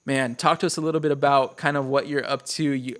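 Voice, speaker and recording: A man hosting a podcast in a relaxed, casual way, using lots of fillers as he steers the guest to his next topic. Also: mid-range voice, fast. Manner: relaxed, laid-back, filler-heavy questioning. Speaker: podcast host.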